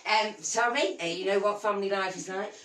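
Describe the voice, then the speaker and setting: A woman putting on a Scottish accent to play a rambling comedian telling a wild tall tale, drawing out her words in a high, animated voice. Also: close to an everyday voice. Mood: animated storytelling. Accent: put-on Scottish. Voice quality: animated, high-pitched, drawn-out storytelling. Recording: roomy, distant, noisy home stream.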